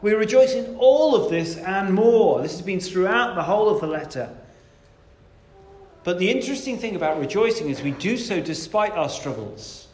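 A man's voice: high voice, animated, normal speed, a little mellow, echoey room, slight background noise. A man preaching a sermon in a conversational, emphatic way, stressing key words.

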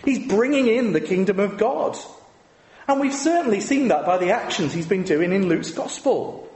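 Speaking at normal speed in a high-pitched, animated, slightly mellow voice, a man gives a conversational sermon full of rhetorical tag questions aimed at the congregation. The church recording has a little hiss or hum and the long reverb of an echoey hall.

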